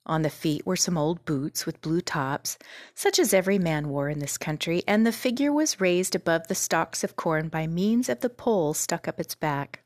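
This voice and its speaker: A woman narrating a children's book in a calm, measured reading voice. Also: on the low side, no echo, clean studio sound. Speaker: storyteller.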